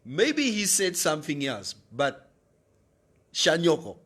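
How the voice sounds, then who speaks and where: A man's voice: on the high side, wildly swooping pitch, slow, a bit bright, slightly rough. A man with a Namibian accent co-hosting a morning radio show, joking and teasing in a mix of English and Afrikaans. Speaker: radio co-host. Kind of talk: casual radio chat.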